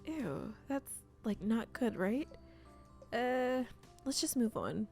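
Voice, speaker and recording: A woman's voice: fairly high pitch, sing-song, slow, a little mellow, faint music behind. A woman hosting a let's play, reading a cozy role-playing game's text aloud with playful asides. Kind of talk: let's play narration of a visual novel.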